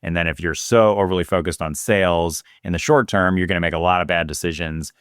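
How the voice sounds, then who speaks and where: A man's voice: low-pitched, steady tone, fast, dry recording, clean studio sound. A man speaking as a marketing executive guest in an interview, explaining at length in an earnest, casual way with many "you know"s. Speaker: guest, restaurant chain marketing chief.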